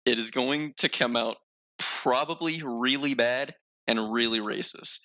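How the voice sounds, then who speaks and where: A man's voice: medium pitch, measured pace, pushed and bright. A man hosting a casual podcast chat, rambling and self-mocking with lots of filler words. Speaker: podcast host.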